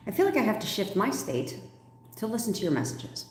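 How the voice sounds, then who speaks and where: A woman coach answering viewer questions on a livestream, blunt and animated, swearing freely and laughing often. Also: mid-range voice, fairly quick, reverberant, a little hiss or hum. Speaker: manifestation coach.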